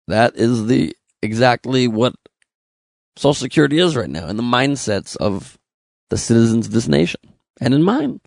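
A man's voice: medium pitch, big pitch swings, normal speed, gravelly, darkish tone, dry recording, clean studio sound. A young man from Los Angeles hosting a comedy podcast, riffing sarcastically and slipping into mock voices. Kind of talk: comic monologue.

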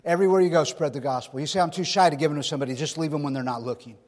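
Pastor, male, high-pitched, folksy sermon delivery, live hall reverb. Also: racing, darkish tone. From California. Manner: folksy preaching with stories and rhetorical questions.

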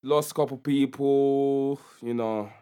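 A man's voice: mid-range voice, fairly even intonation, takes it slowly, dark tone, clear, resonant tone. A young man, co-hosting a podcast in casual chat and laughing often. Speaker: podcast co-host.

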